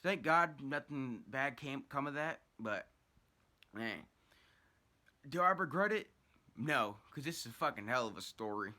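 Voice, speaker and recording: A man's voice: mid-range voice, a little slow, pauses often. A young man telling a rambling, profane story about his own past in a casual vlog. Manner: profane, rambling, animated retelling.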